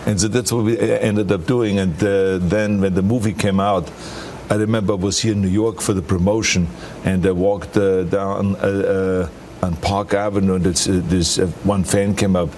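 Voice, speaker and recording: Man with a German accent, low voice. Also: slight background noise. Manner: relaxed storyteller, halting with fillers. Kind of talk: telling an anecdote in an interview.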